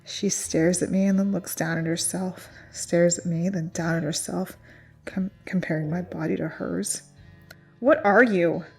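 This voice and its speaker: A woman narrating a first-person horror story in a tense, hushed, often whispered voice. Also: on the low side, level tone, moderate pace, creaky, breathy edge, soft background music.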